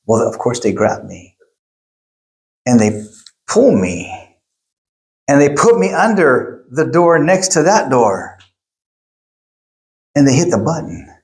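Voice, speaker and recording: A middle-aged male pastor preaching a sermon, telling stories in an animated way and acting out quotes. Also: medium pitch, slow pace, pauses often. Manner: animated storytelling, acts out quotes. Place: church.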